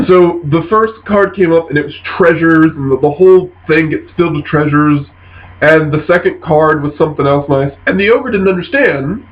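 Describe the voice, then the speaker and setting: A man casually telling a funny story from a tabletop game session, jumping into quoted voices with animated bursts. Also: a little high. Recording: dull lo-fi sound.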